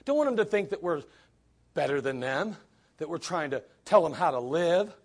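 A man's voice: a little high, big pitch swings, moderate pace. A man preaching a sermon in a blunt, emphatic way, full of rhetorical questions.

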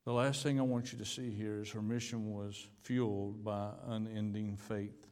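A man's voice: fairly low pitch, level tone, moderate pace, a little mellow. A man with an American accent preaching a sermon, telling a personal story with frequent repeated words and restarts. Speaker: pastor. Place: church sanctuary. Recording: long hall reverb.

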